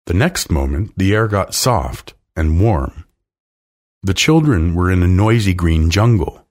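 A man reading a children's story aloud slowly and expressively as storyteller. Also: sits low, expressive, darkish tone.

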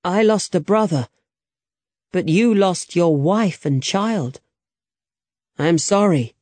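A man's voice: high-pitched, slow pace, a little mellow, no echo, voice pushed up. Alejandro, a man doing a brash young swordsman. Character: young male swordsman, reckless and hot-headed. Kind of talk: audiobook character reading.

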